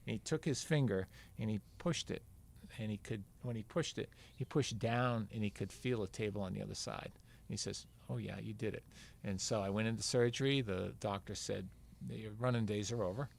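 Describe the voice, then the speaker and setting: Older male guest, low gravelly voice, rambling anecdotal storyteller. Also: normal speed. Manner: rambling, acts out quoted dialogue. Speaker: podcast guest, veteran marathon runner.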